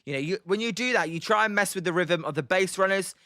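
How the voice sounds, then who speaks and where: A man's voice: sits high, quick pace, sharp tone, no room sound, clean studio sound. Chatty British man streaming play-by-play. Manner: chatty, many ums, reads chat aloud. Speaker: livestream host doing play-by-play. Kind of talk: casual live commentary with chat replies.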